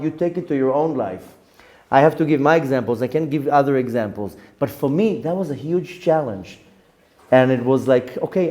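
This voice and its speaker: A man, a rabbi giving a Torah lesson, telling personal stories in an animated way with Hebrew phrases mixed in. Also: a little high.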